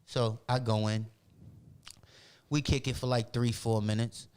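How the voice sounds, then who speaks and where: A man from Boston, a podcast guest telling a story in casual chat, animated and profane, acting out the voices of others. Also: mid-range voice, measured pace, smooth. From Boston, Massachusetts.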